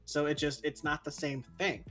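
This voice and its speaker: A young man co-hosting a casual chat, ranting in an animated, opinionated way. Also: fairly high pitch, normal speed, soft background music. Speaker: co-host.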